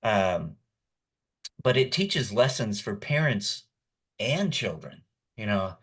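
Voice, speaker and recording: A man's voice: lowish voice, very animated, slow pace, a bit bright, breathy edge. A middle-aged man, a voice actor and guest, telling long rambling stories in a casual interview chat. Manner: rambling storyteller.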